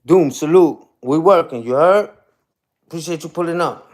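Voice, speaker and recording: Hosting a livestream, a man rants casually to his chat, talking fast and loose with heavy street slang and rhetorical "you heard?" tags. His voice sits a little high for a man and swings up and down as he gets worked up.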